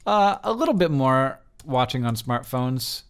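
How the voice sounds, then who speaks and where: A man's voice: medium pitch, very animated, measured pace, clean tone. A man in his thirties talking casually as host through survey results, rambling with many fillers and restarts.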